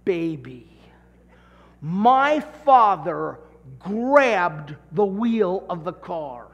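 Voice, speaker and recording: High-voiced pastor in a reverberant hall. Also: male voice, vocal fry. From California. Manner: animated storyteller, acting out voices. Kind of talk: sermon with personal story.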